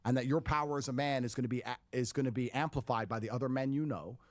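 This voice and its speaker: A man's voice: medium pitch, fast talker. A man speaking as a podcast guest in a blunt, combative way, with a lot of swearing. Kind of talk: podcast talk.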